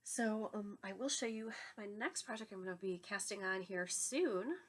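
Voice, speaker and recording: A woman's voice: medium pitch, moderate pace. A woman in her thirties with a cold, talking in a congested, nasal voice as she hosts her knitting podcast at home, chatty and laughing often. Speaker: knitting podcast host and yarn dyer. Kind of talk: casual chat to camera. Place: home room with yarn shelves behind.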